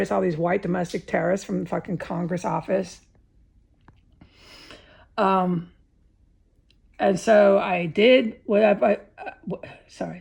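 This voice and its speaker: A woman delivers a rambling first-person vlog monologue, swearing freely and breaking off to restart her sentences. Her voice is heavily gravelly with a husky, breathy edge, and sits at a middling pitch. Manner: rambling, profane, restarts often.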